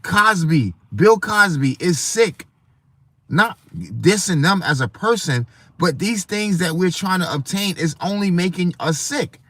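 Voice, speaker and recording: A man's voice: sits high, lively intonation, a little slow, a bit bright, no room sound. A man hosting a livestream, talking in a preachy, rambling way and often speaking to his chat. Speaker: livestream host. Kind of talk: casual livestream rant.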